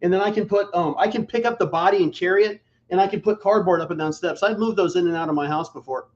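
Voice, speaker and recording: A man with a high voice talks quickly through a casual story, animated and quick to swear. His voice comes over a dull, lo-fi line.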